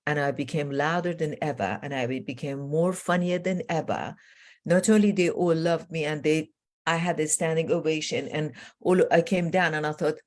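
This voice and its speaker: A middle-aged woman life coach telling stories in an interview, acting out what people said with sudden jumps in pitch. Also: moderate pace. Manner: lively storyteller, acts out quotes with jumps in pitch. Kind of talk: animated storytelling in a podcast interview.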